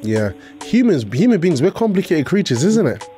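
A man hosting a casual chat show, animated and quick to laugh, sometimes breaking into sing-song. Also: a little high, faint music behind. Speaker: host.

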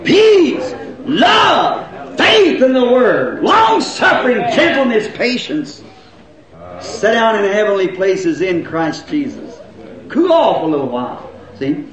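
A man preaching a folksy sermon, swinging between loud shouts and low asides. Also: huge pitch swings, slow pace, over a noisy crowd. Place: church. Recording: echoey, muffled old church recording.

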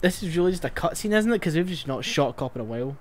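Male let's-play host, bright-ish higher voice that swings around a lot, teasing and foul-mouthed. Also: expressive, very fast, a crowd in the background. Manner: teasing, swears freely, laughs often. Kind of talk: casual gaming banter.

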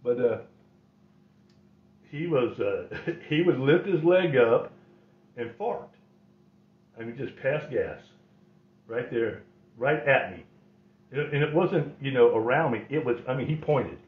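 A man's voice: medium pitch, lively intonation, unhurried, pauses often. A middle-aged man telling rambling stories in a wry way, often chuckling. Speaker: host. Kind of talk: casual storytelling. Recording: roomy, slightly dull recording.

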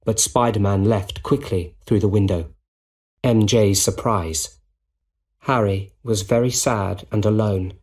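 Low guy reading a story slowly for english learners, very clear. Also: fairly even intonation, a little mellow. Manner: slow, plain, clearly spoken. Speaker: narrator.

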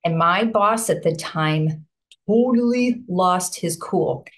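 A woman chats as a podcast guest, spinning a story with animated energy. Her voice leaps high whenever she acts out what someone said. She leans on "like" and "you know" and talks to listeners as friends, in a relaxed, conversational way. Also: slow. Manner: animated, acts out quoted voices with big pitch swings.

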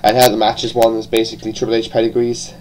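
A man's voice: fairly low pitch, monotone, fast, darkish tone, a little hiss or hum, low-quality recording. A man with an Irish accent giving a casual, rambling review, full of restarts and the odd swear word. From born in England, raised partly in Ireland. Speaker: wrestling show reviewer.

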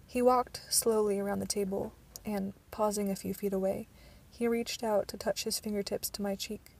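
Amateur woman audiobook narrator, gravelly and flat, some stumbles and restarts. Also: mid-range voice, normal speed, hardly any pauses.

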